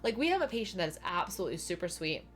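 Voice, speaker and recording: A young woman with a lowish voice chats casually on a game stream while she plays, very animated and rapid-fire. She tells long stories and acts out quoted people with big pitch jumps, as faint music runs quietly behind her.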